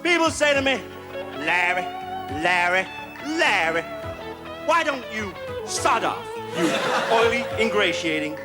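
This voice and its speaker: A man's voice: high voice, sing-song, a little slow, long pauses, over loud music. A man playing a smarmy, ingratiating male club comedian with brash stand-up patter and corny punchlines.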